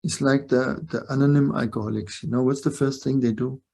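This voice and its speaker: A man's voice: mid-range voice, fairly even intonation, a little fast, creaky, dark tone, husky. An older man giving a spiritual webinar talk, reflective, often ending points with short questions to listeners. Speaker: spiritual teacher. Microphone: video call mic.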